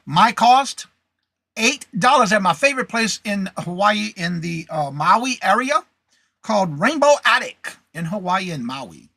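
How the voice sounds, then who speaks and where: A man's voice: high voice, big pitch swings, a little slow, creaky, sharp tone, no echo. A man hosting a casual live reseller show, chatting, reading viewer comments aloud and greeting viewers by name. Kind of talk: casual live-stream chat.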